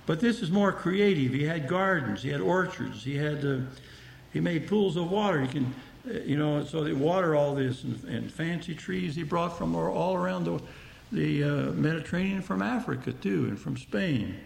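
A man's voice: a little high, lively intonation, moderate pace, gravelly, reverberant. A man preaching a Bible-teaching sermon, speaking conversationally and explaining the text verse by verse to his listeners.

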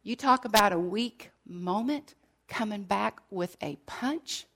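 A woman's voice: mid-range voice, takes it slowly, a bit bright. A middle-aged woman giving an emotional sermon, sharing her testimony earnestly and sometimes dropping almost to a whisper. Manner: earnest, drops to near whispers at painful moments.

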